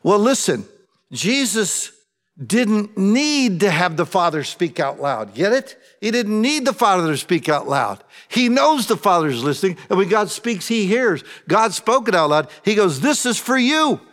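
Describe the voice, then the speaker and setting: A man's voice: high voice, big pitch swings, a little slow, fairly bright tone, long reverb tail. A man preaching a sermon, addressing the congregation and acting out quoted prayers with feeling.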